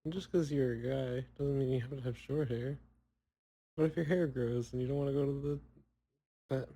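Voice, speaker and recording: A young man in casual solo chat, rambling and poking fun at himself with long pauses. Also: medium pitch, fairly even intonation, dark tone, breathy edge, low-quality recording. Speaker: podcaster.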